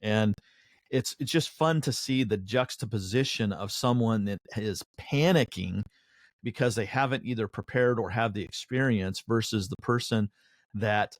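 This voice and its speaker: A man's voice: lowish voice, moderate pace, no room sound. A man co-hosting a podcast in casual chat, thinking aloud with frequent fillers and restarts. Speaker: podcast co-host.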